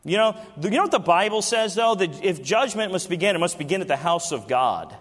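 High-voiced male preacher in a reverberant hall. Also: animated, a little fast, fairly bright tone. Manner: conversational preaching with rhetorical questions to the congregation. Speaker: pastor. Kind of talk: sermon. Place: church sanctuary during a service. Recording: long reverb of a large hall.

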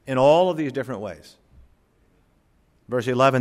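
A man preaching a sermon, telling a story with dramatic slowdowns and rising emphasis. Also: medium pitch, in a large hall. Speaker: pastor.

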